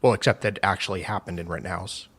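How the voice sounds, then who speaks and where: Laid-back lower-voiced male co-host. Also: fairly even intonation, quick pace, fairly bright tone, husky. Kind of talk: casual livestream chat.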